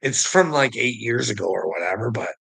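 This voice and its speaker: Gravelly, husky man in a profane rant. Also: mid-range voice, lively intonation, fairly quick, fairly bright tone. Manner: rambling, profane, laughs often. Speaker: vlogger.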